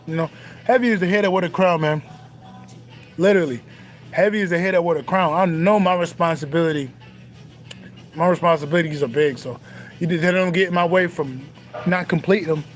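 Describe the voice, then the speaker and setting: A man's voice: a little high, fairly quick, pauses often, soft background music. A young man talking casually and profanely about his spiritual path, repeating phrases for emphasis. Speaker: spiritual content creator.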